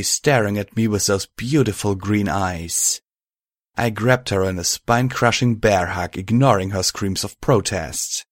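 Low-voiced man narrating an audiobook. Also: unhurried, dry recording, clean studio sound. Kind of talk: fan fiction audiobook narration.

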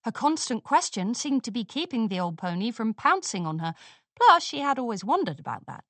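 A woman reading a storybook aloud, narrating slowly and expressively. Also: mid-range voice, very animated, fairly bright tone, no room sound. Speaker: story reader.

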